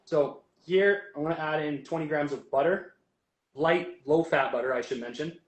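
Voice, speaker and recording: A man's voice: a little high, normal speed. A man, a guest chef and bodybuilding coach, chatting casually and walking through recipe steps as he cooks in a kitchen. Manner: chatty and upbeat, narrating cooking steps. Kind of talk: casual chat while cooking. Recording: echoey room.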